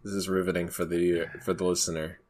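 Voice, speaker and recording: A man's voice: deep voice, little pitch movement, fast talker, a loud crowd. A man co-hosting a podcast in casual chat, riffing playfully with jokingly dramatic lines. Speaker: podcast co-host.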